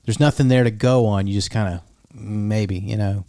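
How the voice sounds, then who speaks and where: A man co-hosting a casual podcast, thinking out loud in a hesitant way with lots of fillers. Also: on the low side, steady tone, moderate pace, no echo, clean studio sound. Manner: musing, hesitant, lots of "like" and "you know". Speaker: podcast co-host.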